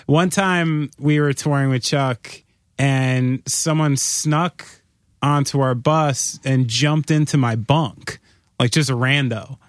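A man hosting a podcast, telling stories in a casual, animated way and swearing freely. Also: mid-range voice, takes it slowly, dry recording, clean studio sound. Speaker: podcast host. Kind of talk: casual interview chat.

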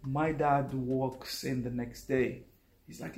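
A young man, a native Arabic speaker, telling his story in a relaxed, casual conversation and acting out the people he quotes. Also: mid-range voice, slow, reverberant. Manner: relaxed, uses "like" and "bro", acts out quotes. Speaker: guest.

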